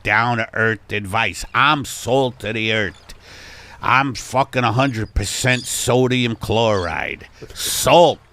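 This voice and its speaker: A man improvising a rambling comic monologue in a gruff, sardonic voice. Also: fairly low pitch, bright, forceful tone. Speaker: comedian host.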